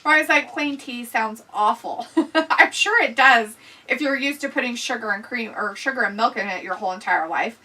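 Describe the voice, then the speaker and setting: High bright lady host, chatty, mic kinda far away. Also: moderate pace. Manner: chatty, laughs often, reads comments aloud. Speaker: livestream host reading chat. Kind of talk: casual watch-along chat.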